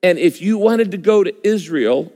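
A man's voice: high voice, lively intonation, normal speed, mellow. A man preaching a sermon as a pastor, emphatic and repeating key phrases for effect. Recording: long hall reverb.

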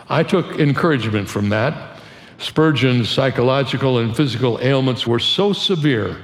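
An older man preaching a sermon in a measured, earnest way, slowing down for emphasis. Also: mid-range voice. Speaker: pastor. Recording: echoey room with long reverb.

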